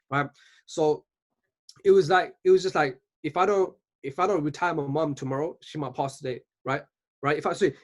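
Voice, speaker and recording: Fast-talking earnest young man. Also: a little high. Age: 20s. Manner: earnest, keeps asking "right?". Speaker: speaker at a virtual business event. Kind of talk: motivational talk.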